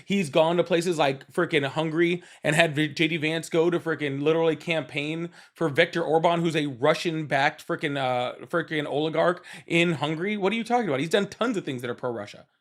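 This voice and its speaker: A fiery male host in a live debate with a voice that sits on the higher side. He argues, cuts in and presses the same questions again and again. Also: brisk, hardly any pauses. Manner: combative, interrupting, repeats questions. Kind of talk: heated political debate.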